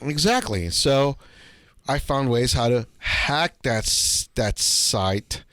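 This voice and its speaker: A man's voice: mid-range voice, lively intonation, takes it slowly, fairly bright tone, no echo. A young man co-hosting a podcast in casual chat, blunt and profane, acting out little scenes as he tells stories. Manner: blunt, swears freely, acts out little scenes. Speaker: podcast co-host.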